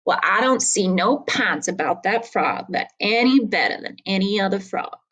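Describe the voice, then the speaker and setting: A woman voicing a male stranger in a mining camp who speaks slowly and deliberately. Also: medium pitch, lively intonation, fairly bright tone. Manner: slow and deliberate.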